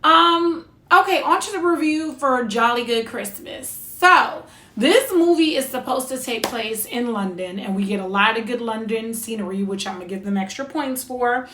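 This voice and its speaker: A woman's voice: fairly high pitch, expressive, normal speed, a bit bright, echoey room, a little hiss or hum. A woman who grew up in New Jersey, reviewing a Christmas movie in a sassy, blunt, chatty way. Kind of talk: casual review monologue.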